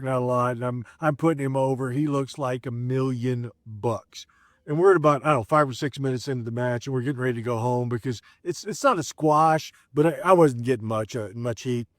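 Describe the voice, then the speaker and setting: A middle-aged man spins long, rambling stories in a relaxed, chatty way, often stopping on "uh" and starting his sentences over. His voice sits in an ordinary middle pitch. The sound is close and dry, with no room echo. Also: brisk. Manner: rambling, full of "uh" fillers and restarts. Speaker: former pro wrestler telling stories. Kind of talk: casual storytelling.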